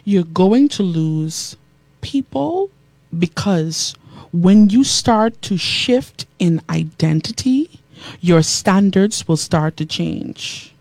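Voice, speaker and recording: A woman radio host preaching to listeners in a lively, repetitive style, reading out their texted comments. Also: fairly low pitch, slow pace, no echo. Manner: animated preacherly delivery, repeating phrases, reading comments aloud. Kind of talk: preaching talk show with listener texts.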